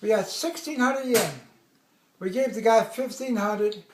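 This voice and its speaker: High-voiced old man telling war stories. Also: unhurried, roomy sound, noisy background. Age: 80s. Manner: rambling, animated, laughs often, acts out quoted voices. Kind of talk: casual storytelling at home.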